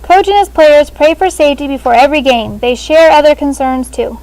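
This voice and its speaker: A woman teaching sixth grade language in a classroom, speaking through a face shield and calling on students by name in a brisk manner. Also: sits high, a little mellow, rough recording.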